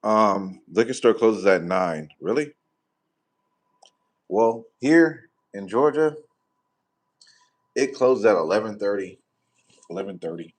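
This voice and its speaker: A man's voice: fairly low pitch, lively intonation, slow, long pauses. A man, hosting a tarot livestream in rambling, profane, joking casual chat.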